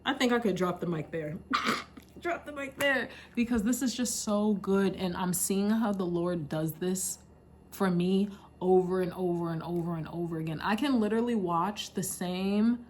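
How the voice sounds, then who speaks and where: A woman's voice: on the low side, normal speed, darkish tone, slight background noise. A young woman casually retelling a Bible story in a slangy, chatty way, laughing often. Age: young adult. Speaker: Bible study vlogger. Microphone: camera mic.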